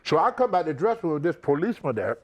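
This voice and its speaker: An older man, a retired pro wrestler, telling an animated story in an interview and acting out the voices of the people in it. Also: fairly high pitch, racing, muffled recording. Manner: animated, acts out everyone's voices.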